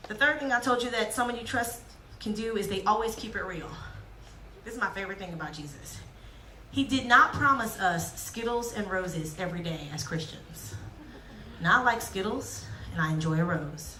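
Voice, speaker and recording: A woman giving a lively, joking sermon to young people, acting out quotes as she goes. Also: mid-range voice, moderate pace, distant mic, slight background noise. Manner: lively, jokey, acts out quotes. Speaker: youth speaker. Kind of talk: youth sermon. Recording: echoey hall, speaker off-mic.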